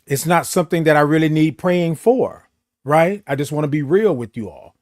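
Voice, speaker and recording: A man's voice: fairly high pitch, a little mellow, dry recording. A man hosting a morning live stream from his home studio, chatting casually, greeting viewers by name and stretching out his greetings. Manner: exuberant, drawn-out sung greetings. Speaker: host of a morning live show. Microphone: studio microphone.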